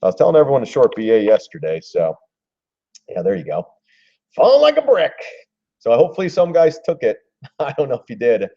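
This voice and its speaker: A man's voice: mid-range voice, big pitch swings, fast, warm tone, lo-fi sound. A man hosting a casual live stream about stock charts, rambling and chuckling as he reads viewers' comments and acts out phone calls.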